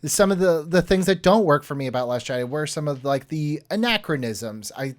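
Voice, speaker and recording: A man's voice: a little high, animated, brisk. A man hosting a podcast, chatting casually and agreeably with his guest. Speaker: podcast host. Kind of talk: casual chat.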